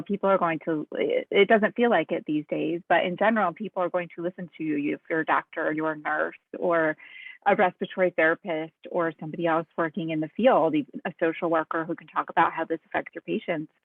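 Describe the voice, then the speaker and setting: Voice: mid-range voice, no room sound. A host moderating a Q&A, speaking in an earnest, encouraging way over a video call. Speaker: host of the talk. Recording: tinny phone-like video call.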